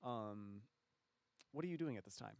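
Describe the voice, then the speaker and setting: A man's voice: on the low side, lively intonation, moderate pace, vocal fry, darkish tone, clean tone, dry recording, clean studio sound. A young man acting as game master, talking casually and hesitantly with many fillers over voice chat. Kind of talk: running a tabletop role-play session.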